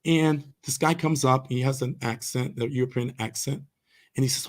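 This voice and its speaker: A man's voice: medium pitch, moderate pace. Guy on a podcast telling stories, earnest, lots of ums and restarts. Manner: earnest, hesitant with many fillers and restarts. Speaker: podcast guest, karate instructor. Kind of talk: casual storytelling interview.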